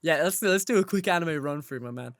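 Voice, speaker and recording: High-voiced guy chatting. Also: brisk, dry recording, studio quality. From Ireland. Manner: animated, swears a lot, laughs while telling stories. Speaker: podcast co-host. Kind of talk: casual chat.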